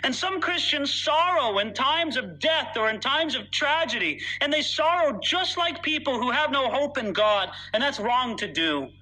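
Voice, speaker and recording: A man's voice: extremely high pitch, expressive, normal speed, few pauses, sharp tone, poor audio. A man preaching a sermon in an earnest, emphatic way, reading scripture aloud with dramatic weight.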